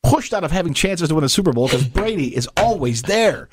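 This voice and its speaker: Lively, fast-talking male podcast host. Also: a little high, slight background noise. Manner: chatty, rambling, animated. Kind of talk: casual chat.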